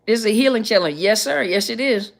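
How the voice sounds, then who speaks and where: A woman's voice: mid-range voice, fast talker, gravelly. A middle-aged woman, a counselor, hosting a casual livestream Q&A, chatty and greeting viewers by name as she reads their comments.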